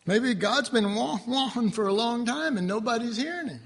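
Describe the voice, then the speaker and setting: High, bright-voiced male Bible teacher. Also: moderate pace. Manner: conversational, animated teaching with asides to the class. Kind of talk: sermon.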